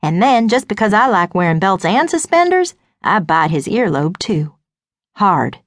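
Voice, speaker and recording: A woman narrating a first-person audiobook with wry, knowing, deadpan asides. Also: mid-range voice, moderate pace, no room sound, clean studio sound.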